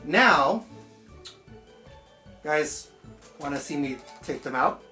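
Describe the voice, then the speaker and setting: A man chatting excitedly and swearing casually through a home unboxing vlog. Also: on the high side, takes it slowly. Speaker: toy collector vlogger. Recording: roomy echo, faint background music.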